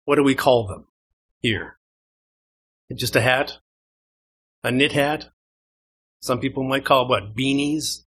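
A man's voice: medium pitch, sharp tone. A man from Canada with a Canadian accent, preaching a sermon to a congregation in a conversational way and asking them questions. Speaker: pastor. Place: church.

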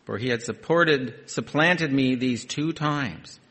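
A man voicing a grieving young son who begs his old father for a blessing, in loud, high, drawn-out pleas. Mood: pleading.

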